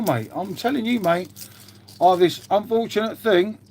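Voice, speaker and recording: Male streamer, slightly raised pitch, rambling chatter, casual swearing. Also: normal speed, vocal fry, darkish tone, a little hiss or hum. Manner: rambling, laid-back, swears freely, says mate constantly. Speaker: livestreamer answering chat. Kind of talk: casual live-stream chat.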